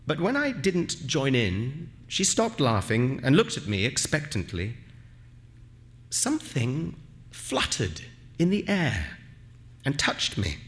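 A man reading a literary story aloud in a slow, lyrical, tender way. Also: medium pitch. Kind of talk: scripted literary narration.

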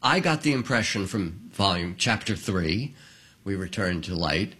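Male interviewer, lowish raspy voice, curious and measured. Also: lively intonation, sharp tone. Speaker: radio interviewer host. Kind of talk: interview questions and announcing. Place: on stage.

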